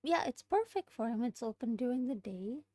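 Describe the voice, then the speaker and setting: A woman studying a language aloud, thinking out loud, hesitating and correcting herself as she works through exercises. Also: a little high, expressive, moderate pace, dry recording. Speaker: language learner streaming study session. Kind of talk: casual study-along lesson.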